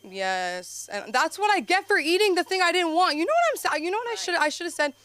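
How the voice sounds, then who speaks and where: A young adult woman doing an open-mic stand-up set on a comedy club stage. She tells stories in a rambling, animated way, full of "like", and jumps her voice up for punchlines. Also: very high-pitched, brisk. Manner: rambling, filler-heavy storytelling with frequent "like".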